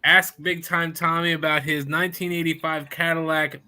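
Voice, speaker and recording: A man hosting a casual interview, talking in a slow, halting way with restarts. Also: on the high side, level tone, sharp tone. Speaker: host.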